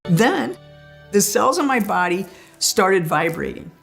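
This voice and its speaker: Woman, animated testimony, acts out voices, faint music behind. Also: medium pitch, slow, vocal fry. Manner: animated storyteller who acts out voices she heard. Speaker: near-death experience witness. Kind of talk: personal testimony.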